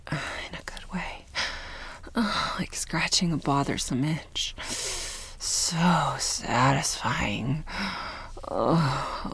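A woman in a whispered role-play, speaking in a slow, breathy, teasing and commanding way. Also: sits low. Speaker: audio role-play performer.

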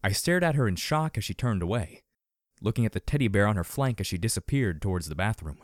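A man reading first-person fiction aloud as an audiobook narrator, in an even, measured way. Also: fairly low pitch, dry recording, clean studio sound.

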